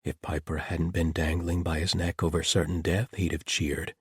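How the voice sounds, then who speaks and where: Deep, husky male audiobook narrator. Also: flat delivery, moderate pace, dry recording, clean studio sound.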